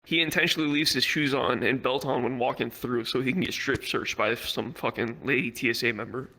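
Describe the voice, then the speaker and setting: A man's voice: mid-range voice, a little fast. A young man telling a rambling, profane story at a virtual reality comedy club. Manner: rambling, heavy swearing, animated.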